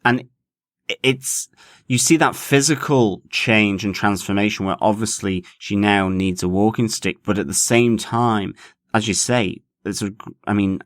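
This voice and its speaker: A man co-hosting a podcast about a TV series, talking in a measured way and stretching key words. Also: on the low side, dry recording, studio quality. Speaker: podcast co-host. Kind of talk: casual TV review chat.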